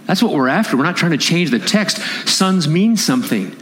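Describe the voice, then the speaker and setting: A man's voice: fairly high pitch, big pitch swings, normal speed. A man preaching a sermon as pastor at a conference, impassioned and rising into emphatic raised appeals. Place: conference hall. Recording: long hall reverb.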